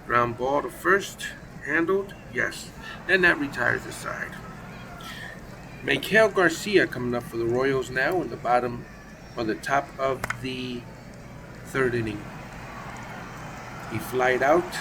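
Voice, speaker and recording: A man's voice: medium pitch, takes it slowly, pauses often, noisy background. A man calling play-by-play for a simulated baseball game on his own, casual and chatty, with asides and self-corrections. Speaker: play-by-play commentator.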